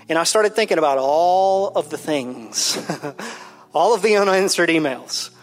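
A man in his thirties, a pastor telling a personal story in a candid, conversational sermon. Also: high voice. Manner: candid, personal, builds to emphatic then soft.

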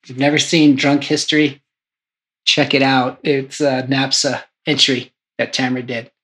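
A man's voice: medium pitch, little pitch movement, moderate pace, fairly bright tone. A man from the snowboard school giving casual, enthusiastic praise for a coworker. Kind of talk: interview tribute.

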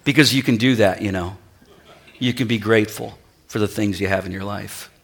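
In a lowish, creaky, steady voice and at a fairly quick pace, a middle-aged male pastor delivers a church sermon. He acts out quotes while telling stories, then eases into a softer, sincere delivery.

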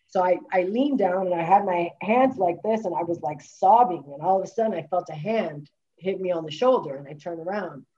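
Candid low-voiced woman, dull lo-fi sound. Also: brisk, dark tone. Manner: emphatic, frequent filler words and restarts. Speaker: guest, wellness coach. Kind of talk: candid personal storytelling in conversation.

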